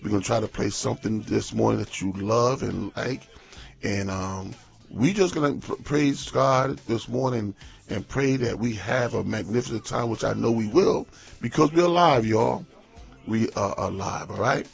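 A pastor hosting a morning radio show chats casually and tells stories animatedly in a folksy way, repeating lots of words. His voice is fairly low, creaky, and slightly rough at a moderate pace, with soft background music on a muffled lo-fi broadcast.

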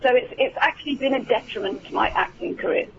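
Gravelly English woman on a lo-fi call. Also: on the high side, quick pace, a bit bright. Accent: generic English. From England. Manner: chatty, frequent ums and restarts. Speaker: actor guest. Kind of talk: casual interview chat.

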